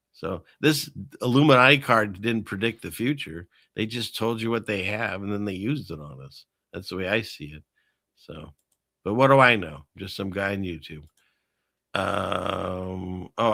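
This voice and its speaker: A man's voice: on the low side, pushed and bright, no room sound, clean studio sound. A man hosting his own show, rambling through casual commentary with many fillers and restarts. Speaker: show host.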